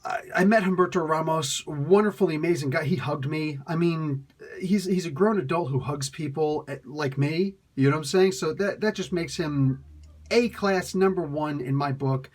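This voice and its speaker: Ranting man with a raised voice. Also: a little high. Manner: exasperated ranting with incredulous outbursts; halting, repeats words. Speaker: comic book reviewer. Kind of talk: casual rambling review.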